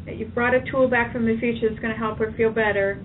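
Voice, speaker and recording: Brief: female practitioner, calm and directive, slightly high voice, heard distantly over a tinny phone line. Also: quick pace, slight background noise. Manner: calm, directive, leads phrases to repeat. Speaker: tapping practitioner guiding a client. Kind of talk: guided tapping session.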